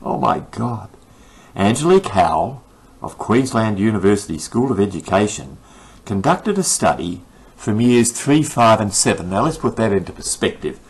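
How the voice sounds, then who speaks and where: Older man, deep and husky, indignant sarcastic ranter. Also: sing-song, normal speed, low-quality recording. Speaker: commentator. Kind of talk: ranting opinion monologue.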